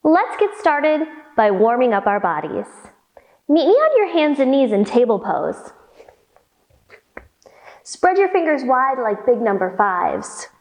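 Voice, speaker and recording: A woman's voice: sits high, very animated, measured pace, pauses often. A young woman leading a children's yoga storytime, cheerful and encouraging, with playful animal sounds. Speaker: kids yoga instructor.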